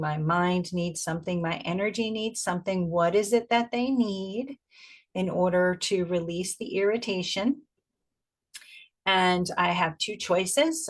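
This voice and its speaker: A middle-aged woman giving a spiritual teaching in a gentle, reflective way, slowing down to stress key phrases. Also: fairly low pitch.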